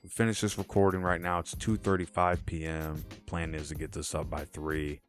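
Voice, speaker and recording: Deep-voiced man hosting a sports podcast. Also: moderate pace, faint music behind. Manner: casual, animated, rattling off picks with catchphrases. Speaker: podcast host. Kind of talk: solo sports picks podcast.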